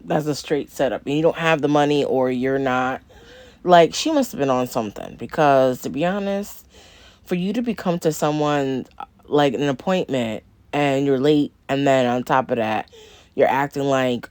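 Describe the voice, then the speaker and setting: A woman's voice: very deep voice, moderate pace, darkish tone, no echo. A woman hosting a reaction video, bluntly and emphatically talking to her viewers. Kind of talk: casual reaction commentary.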